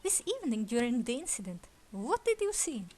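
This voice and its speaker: A woman voicing a brisk young male defense lawyer who questions witnesses. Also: fairly high pitch, very animated, darkish tone. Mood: probing.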